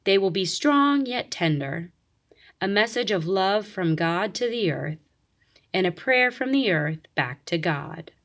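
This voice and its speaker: A woman voicing a wise ancient female turtle in a storybook reading, speaking slowly and gently. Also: mid-range voice, animated. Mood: prophetic.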